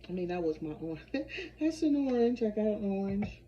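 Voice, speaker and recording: A woman's voice: mid-range voice, sing-song, a little fast. A woman chatting casually to her viewers while she cooks in her home kitchen, humming and exclaiming as she works. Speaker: home cook vlogger. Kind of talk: casual cooking vlog chat. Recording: dull lo-fi sound with clear background noise.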